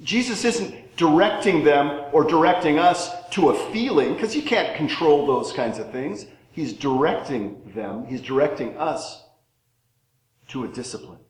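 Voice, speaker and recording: A middle-aged man preaching a sermon in an echoey room. His voice sits a little high for a man, and he builds to loud questions before dropping to soft, low single words. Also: expressive, unhurried. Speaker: pastor.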